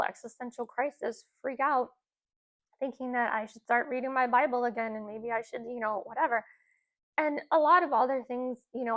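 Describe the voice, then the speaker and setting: A woman's voice: on the high side, lo-fi sound. A woman in her forties casually telling a personal spiritual story, rambling with many fillers and asides. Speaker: spiritual content creator.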